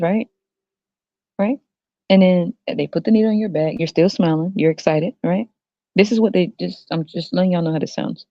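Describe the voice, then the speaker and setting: A woman's voice: lowish voice, moderate pace, no echo. A woman hosting a podcast, ranting crudely and profanely to her viewers and breaking into laughter often. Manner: addresses viewers directly. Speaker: podcast host. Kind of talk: solo ranting monologue. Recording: dull dry lo-fi recording.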